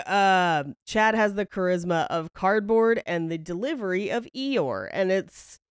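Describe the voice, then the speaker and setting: A woman hosts a podcast and tells the story in loose conversation, wry and a little profane, laughing as she goes. Her voice is smooth and clear. The sound is close and dry, with no room around it. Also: fairly low pitch, normal speed, few pauses, no room sound. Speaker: podcast host. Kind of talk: casual storytelling chat.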